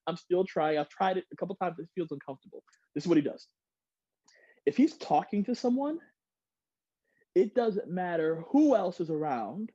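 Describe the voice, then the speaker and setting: High guy with a mellow voice running a zoom workshop, lively, dull lo-fi call audio. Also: no room sound. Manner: energetic, reads out audience replies, frequent laughs. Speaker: workshop speaker. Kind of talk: interactive online workshop talk. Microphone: video call.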